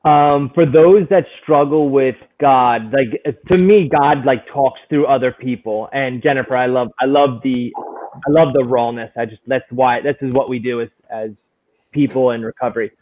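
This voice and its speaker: A man's voice: mid-range voice, moderate pace. A man in recovery sharing a personal testimony in a candid, searching way, full of restarts. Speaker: guest in recovery. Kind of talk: personal testimony in casual conversation. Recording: tinny phone-like line.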